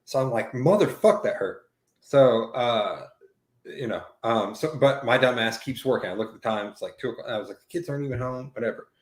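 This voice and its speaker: A man telling a long, profane story in casual chat, rambling and animated as he acts out what people said. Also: mid-range voice, a little fast. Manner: profane, rambling, animated retelling with quoted dialogue. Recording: roomy echo.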